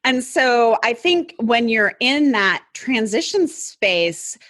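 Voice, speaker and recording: Woman guest, lively storyteller, quotes her own thoughts, laughs often, close dry mic. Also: fairly high pitch, slow pace, dry recording. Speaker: guest, communication consultant. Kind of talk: casual interview chat. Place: home office.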